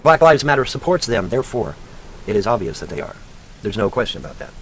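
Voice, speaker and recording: A man's voice: fairly low pitch, sing-song, fast talker, slight background noise. A man delivering an angry, profane rant, mocking and lecturing like a sarcastic teacher. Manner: profane, mocking, shouting insults at a named woman. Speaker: online commentator.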